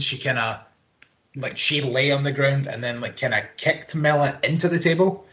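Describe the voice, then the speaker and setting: Bright-voiced man recapping casually. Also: mid-range voice, fairly even intonation, moderate pace. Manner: rambling, sweary play-by-play with filler words. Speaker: podcast co-host. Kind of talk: casual wrestling recap chat.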